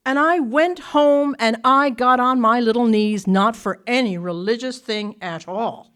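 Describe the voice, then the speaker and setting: A woman addresses a workshop audience in a fairly high voice. She tells her own story plainly and bluntly, laughing often along the way. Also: normal speed, few pauses. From Ireland. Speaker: recovery meeting speaker. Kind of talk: personal recovery talk to an audience. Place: workshop meeting room.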